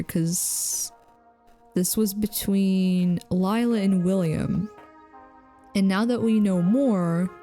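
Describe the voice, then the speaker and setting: A woman's voice: fairly low pitch, dark tone. A woman streaming a game, chatting playfully with viewers and laughing often. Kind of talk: casual game commentary.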